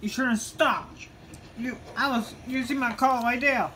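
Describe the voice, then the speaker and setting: A woman's voice: on the high side, fairly even intonation, measured pace, pushed and bright, a little hiss or hum. A woman arguing heatedly with another driver, repeating herself and talking over him.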